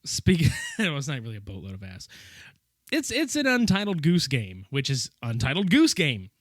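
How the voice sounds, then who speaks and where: Lively joking man on a podcast. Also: fairly high pitch, moderate pace, no room sound, clean studio sound. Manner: joking, laughing, profane banter. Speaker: podcast co-host. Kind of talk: casual podcast chat.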